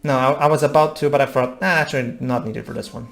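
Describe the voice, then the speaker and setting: A man's voice: medium pitch, fairly even intonation, quick pace, gravelly, a bit bright, faint music behind. A man giving casual, rambling commentary on a game with friends, often restarting his sentences. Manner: rambling, many restarts, playful. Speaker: let's play commentator.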